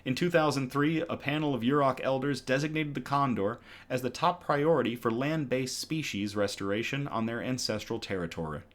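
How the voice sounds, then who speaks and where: A man's voice: medium pitch, fairly quick, few pauses. A man hosting a casual online news show, reading articles aloud in a conversational way with frequent ums and self-corrections.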